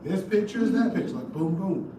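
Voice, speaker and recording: A man's voice: high-pitched, lively intonation, a little fast, dark tone. Chatty man presenting in an echoey room. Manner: chatty, jokey, talks straight to the audience. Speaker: presenter giving a live history talk. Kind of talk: casual live lecture. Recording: echoey room, distant mic, background noise.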